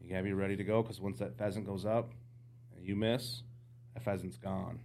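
A man's voice: low-pitched, fairly quick, creaky, slight background noise. A man guesting on a podcast, telling hunting stories casually and acting out the dialogue. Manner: animated anecdotes, acts out dialogue. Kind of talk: casual storytelling.

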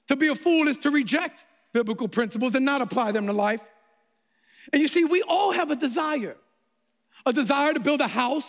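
Man, middle-aged pastor, very high voice, gravelly, animated storytelling sermon. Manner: storytelling, animated, self-mocking, repeats words. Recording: long hall reverb.

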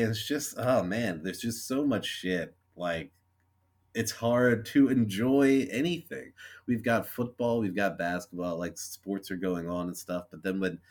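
A young man co-hosting a podcast, venting in a frustrated, sweary, sarcastically apologetic rant. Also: sits low. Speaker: podcast co-host. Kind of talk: casual chat.

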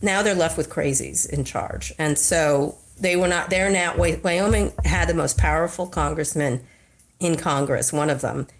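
A woman's voice: sits low, moderate pace. A woman born in Pennsylvania, talking bluntly and with strong opinions as a podcast guest. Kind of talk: casual conversation.

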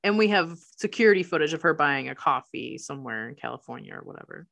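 A woman's voice: sits low, expressive, fast talker, creaky, a bit bright. A woman in casual chat, animatedly retelling a movie plot and acting out quotes. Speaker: podcast co-host recapping a movie.

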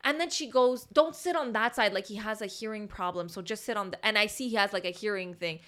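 A woman, co-hosting a podcast and telling a story in a lively, swearing, casual way, acting out the people she quotes. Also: mid-range voice, brisk. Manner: animated, swears, acts out quoted voices. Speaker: podcast co-host.

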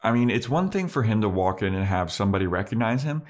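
A man with a lowish voice chatting casually on a podcast. He recaps scenes and slips into quick impressions of the characters. His talk is loose and full of swearing. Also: expressive. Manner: profane, acts out characters' lines. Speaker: podcast co-host. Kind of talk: casual chat recapping a TV episode.

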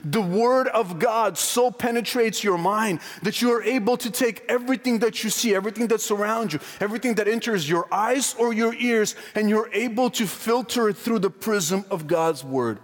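A male preacher with a high voice delivers an earnest, emphatic sermon. He asks his listeners pointed rhetorical questions and slows down, dropping low, whenever he quotes scripture. His voice rings with a long hall reverb. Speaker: pastor.

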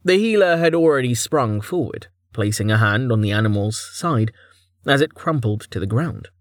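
A man narrating a fantasy audiobook chapter with expressive storytelling. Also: mid-range voice, normal speed, no echo, clean studio sound. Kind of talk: scripted narration.

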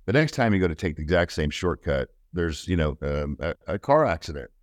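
Very deep-voiced earnest man. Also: big pitch swings, no echo. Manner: earnest, halting, with many restarts. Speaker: guest. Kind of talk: personal storytelling in conversation.

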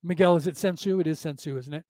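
Brief: high-pitched male podcast host, rambling and preachy, dry close recording. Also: fast talker, darkish tone, no echo. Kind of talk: casual spiritual talk.

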